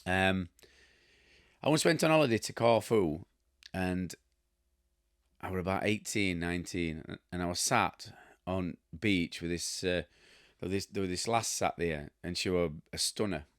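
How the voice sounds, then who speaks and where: A host, a Yorkshire man in his fifties with a low voice, chats casually to camera, drifting between stories with blunt asides and chuckles. He's unhurried, a bit bright, clear and resonant, and the dry recording sounds close with no room around it.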